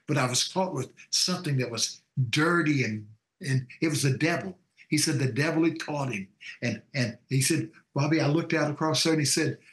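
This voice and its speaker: Fervent preacher man, echoey. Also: a little high. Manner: folksy storyteller, fervent preaching cadence. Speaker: pastor and show guest. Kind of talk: preaching testimony on a call-in show.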